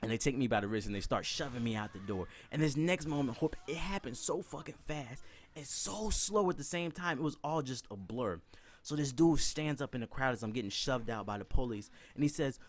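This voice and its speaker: Young male storyteller, animated and profane, wide pitch swings, does voices of other people. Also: brisk. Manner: animated, profane, laughs often, acts out voices. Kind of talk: comedic storytelling.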